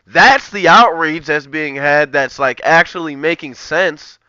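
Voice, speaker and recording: A man's voice: fairly high pitch, a little slow, pushed and bright, smooth, no echo. A man ranting in casual commentary, rambling and profane, with lots of filler words. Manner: profane, rambling, heavy use of "like". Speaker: streamer. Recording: dull lo-fi, dry.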